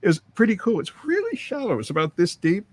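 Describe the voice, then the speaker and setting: A man's voice: high-pitched, wildly swooping pitch, quick pace, darkish tone, no echo. A middle-aged man, a record producer, telling long rambling studio stories full of quoted dialogue. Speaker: record producer, interview guest. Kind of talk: storytelling interview.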